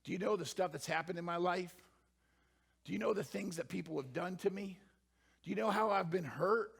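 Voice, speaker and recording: Raspy, animated preacher man. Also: sits high, fairly quick. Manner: animated, swings from hushed to shouting. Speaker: pastor. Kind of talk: sermon.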